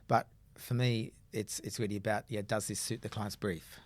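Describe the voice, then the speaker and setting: A man's voice: fairly low pitch, flat delivery, normal speed. A man, a buyer's agent explaining his work in casual podcast chat, rambling with frequent fillers.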